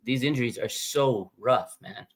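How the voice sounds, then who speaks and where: A man's voice: medium pitch, unhurried, slightly rough. A young man, a fan streamer, venting in a casual live-stream rant, repeating himself and calling out "man" and "dude".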